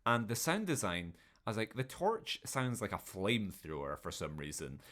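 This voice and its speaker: A man's voice: fairly low pitch, big pitch swings, normal speed, crowd noise. A man co-hosting a podcast, reviewing a bad film in casual, sweary chat and mocking the characters in put-on voices. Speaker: podcast co-host.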